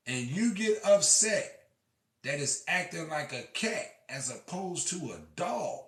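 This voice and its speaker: A man delivering an impassioned, profane monologue that swings between shouting and quiet, restarting words as he goes. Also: fairly high pitch, very animated, takes it slowly. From Illinois. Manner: profane, repeats himself. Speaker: storyteller. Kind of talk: preaching monologue. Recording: echoey room, far from mic.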